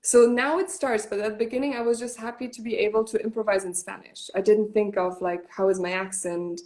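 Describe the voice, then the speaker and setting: A woman's voice: medium pitch, steady tone, brisk, darkish tone. A woman from Germany, a German native speaker, chatting as an actress guest in an interview and talking freely with many "like" fillers and restarts. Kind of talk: casual interview chat.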